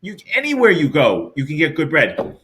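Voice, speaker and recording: A middle-aged man with a New York accent, a podcast co-host rambling through animated stories in casual chat. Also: fairly high pitch, normal speed, a little hiss or hum. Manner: rambling, animated storyteller with many restarts.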